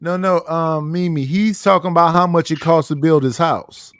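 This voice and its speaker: A man's voice: on the high side, fairly even intonation, normal speed, smooth, dry recording, clean studio sound. A man hosting a heated live debate panel, teasing and provoking the guests.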